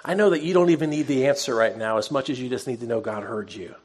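A pastor gives a sermon in a relaxed, storytelling style, earnest and personal, poking fun at himself now and then. His pitch is ordinary middle range for a man. He talks fast, with a breathy edge.

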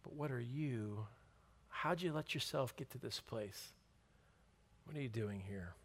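A man voicing God in a soft low whisper. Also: close to an everyday voice. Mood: gentle. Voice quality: soft and hushed. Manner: slow, low murmur. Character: God, male, speaking gently, patient and loving.

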